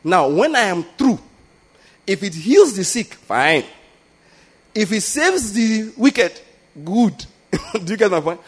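A man's voice: sits high, big pitch swings, normal speed, slightly rough. A man, preaching a conversational sermon and often asking listeners whether they get his point. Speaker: pastor.

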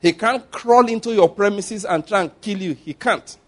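A man's voice: sits high, normal speed. A man preaching a sermon, telling stories and acting out the scenes. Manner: animated storytelling, acts out scenes.

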